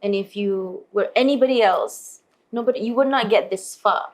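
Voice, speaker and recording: A woman in her thirties tells stories from her singing career as an interview guest. She talks in a lively, animated way, slipping into put-on voices for the people she quotes. Her pitch sits in the middle range. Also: normal speed. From Malaysia. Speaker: singer-songwriter guest. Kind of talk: storytelling in an interview.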